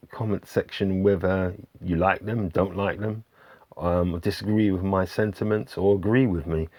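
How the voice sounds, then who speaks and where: A man hosting his own channel, chatting casually about albums he has been playing, with lots of ums, pauses and restarts in an easygoing way. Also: low-pitched, darkish tone, dry recording. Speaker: vinyl album reviewer, channel host. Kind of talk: casual album review to camera.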